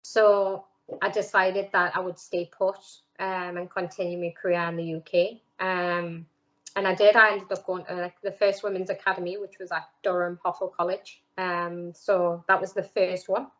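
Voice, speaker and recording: A middle-aged former footballer from North East England tells her story in a relaxed interview, speaking with a broad Geordie accent in a lowish voice at a moderate pace. She's chatty, slipping into lively quoted voices of others and filling gaps with many "um"s and "like"s, while the sound is a little dull and muffled.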